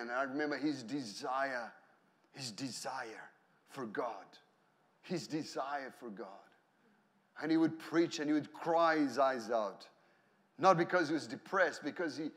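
Middle-aged Australian male pastor, high voice, sermon delivery, lively and laughing, bursts of shouting. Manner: animated storytelling with laughs and shouted hallelujahs.

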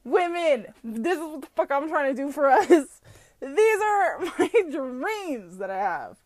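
A woman's voice: high voice, a little slow. Foul-mouthed woman ranting on a podcast. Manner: blunt, swearing, laughs often; mocking, animated storytelling. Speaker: podcast host. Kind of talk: profane solo podcast rant.

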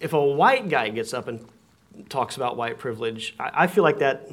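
A man's voice: mid-range voice, expressive, moderate pace. A man hosting a casual conversation in a living room, often stumbling and repeating words as he thinks aloud.

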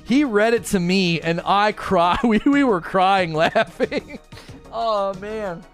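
A man's voice: high voice, slow, a bit bright, soft background music. A man in casual gaming chat as a YouTuber host, laughing often and repeating phrases.

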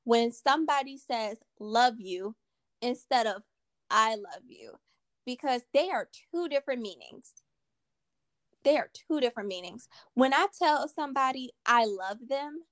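A woman's voice: on the high side, moderate pace, dry recording. A woman hosting a podcast conversation, talking earnestly and repeating her key points for emphasis. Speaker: podcast host.

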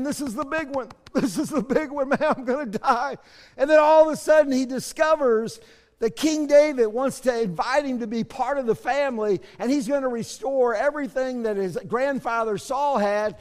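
A man pastor preaching a sermon, moving between soft asides and loud shouted bursts. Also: very high voice, in a large hall.

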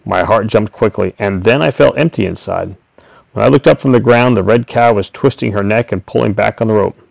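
A man reading a first-person story aloud in a steady, plain way. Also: on the low side, a little fast, gravelly, no room sound. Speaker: audiobook reader. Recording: dull, dry recording.

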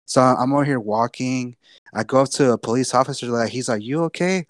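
A man's voice: mid-range voice, fairly quick, no echo. Young guy, podcast co-host, rambling storyteller, dry close sound. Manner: loose, profane, repeats himself. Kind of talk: casual storytelling.

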